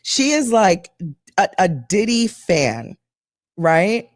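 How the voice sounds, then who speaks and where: Animated, gossipy woman host. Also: mid-range voice, slow pace, no echo, studio quality. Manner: animated, gossipy, acts out quotes. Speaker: show host. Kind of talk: casual chat, storytelling.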